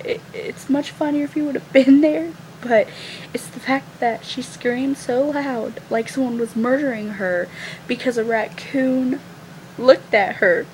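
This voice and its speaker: Teen girl vlogger, chatty storyteller, unhurried delivery, faint background hiss. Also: fairly high pitch, rough recording. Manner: giggly, chatty, full of fillers. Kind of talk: casual storytelling.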